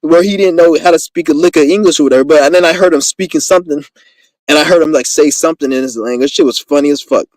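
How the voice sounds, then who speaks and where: A man's voice: fairly high pitch, fast, darkish tone, no room sound, low-quality recording. A man giving a casual monologue to his viewers, rambling and profane as he boasts through his stories. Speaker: vlogger.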